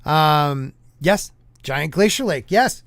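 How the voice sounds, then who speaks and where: Male podcast host, higher voice, rambling and halting, dry close sound. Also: lively intonation, a bit bright, dry recording. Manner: rambling, halting, many fillers and restarts. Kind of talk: casual podcast chat.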